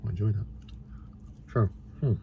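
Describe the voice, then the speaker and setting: A man's voice: lowish voice, normal speed, gravelly, narrow, tinny audio, a little hiss or hum. A middle-aged man chatting casually to camera outdoors, rambling and eating as he talks. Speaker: vlogger. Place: outdoors in a city square.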